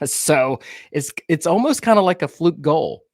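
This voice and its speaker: A man with a Southern US accent co-hosting a soccer podcast, breaking down match plays in a relaxed, rambling way with fillers and restarts. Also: on the high side, a little slow, no room sound, studio quality. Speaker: podcast co-host. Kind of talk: casual sports chat.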